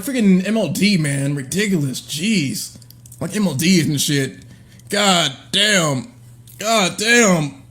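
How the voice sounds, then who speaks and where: A man's voice: high voice, a bit bright. A man livestreaming a reaction, laughing helplessly, repeating himself and calling out to his chat. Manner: addresses chat directly. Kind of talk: live stream reaction.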